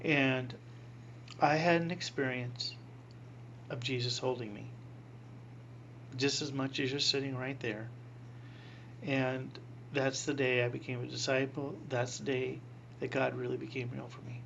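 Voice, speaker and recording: A man in his sixties, a priest, telling a personal story in an interview, animated, acting out voices and laughing often. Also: medium pitch, measured pace, creaky, long pauses, dull audio, slight background noise.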